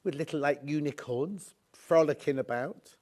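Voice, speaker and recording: A man's voice: fairly high pitch, moderate pace, darkish tone. A man presenting fabrics on a live TV shopping show, chatty and rambling, full of anecdotes.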